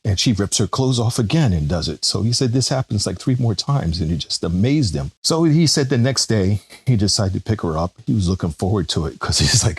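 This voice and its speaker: A man hosting a casual podcast, telling long bawdy jokes in a relaxed, jokey way. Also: deep voice, a little fast, hardly any pauses, breathy edge. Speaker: podcast host. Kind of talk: casual chat.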